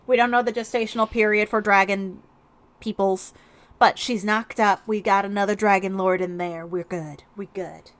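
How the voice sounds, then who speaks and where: A woman's voice: medium pitch, fairly even intonation. A woman giving jokey, rambling commentary while streaming a video game. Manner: jokey, rambling, quick asides.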